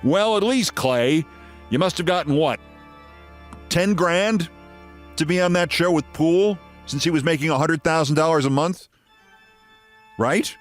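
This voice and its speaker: A man from New York delivers scripted political commentary with sarcastic, theatrical flair. His voice sits fairly high and swoops widely in pitch. Faint music plays underneath. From New York, USA.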